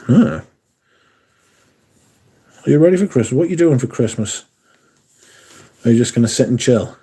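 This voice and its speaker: Male streamer, sore throat, husky and mellow, loose chatty swearing. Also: mid-range voice. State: lost his voice, sore throat. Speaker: livestream host. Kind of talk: casual chat to viewers.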